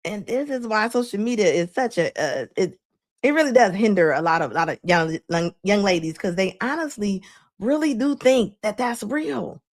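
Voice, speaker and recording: A woman's voice: medium pitch, lively intonation, moderate pace. A woman hosting a live stream, giving casual reaction commentary with frequent laughs and preachy asides to her viewers.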